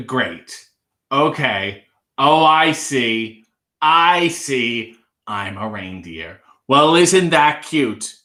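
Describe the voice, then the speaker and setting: A man's voice: medium pitch, bright, forceful tone, echoey room, pitched below the performer's own voice, full character voice. A man voicing a grumpy, sarcastic anthropomorphic zebra in an improvised comedy bit, muttering dryly with weary sighs.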